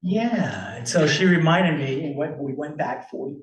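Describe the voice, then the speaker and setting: The lo-fi recording captures a fairly high, steady voice at normal speed, coming from far off in an echoey hall. It's a Miami photographer in his sixties, a guest speaker giving an audience a casual, rambling slide talk laced with fillers and chuckles.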